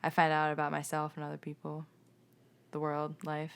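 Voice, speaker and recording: Young female podcast co-host, lowish gravelly voice, chatty and giggly. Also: completely flat delivery, normal speed. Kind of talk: casual chat.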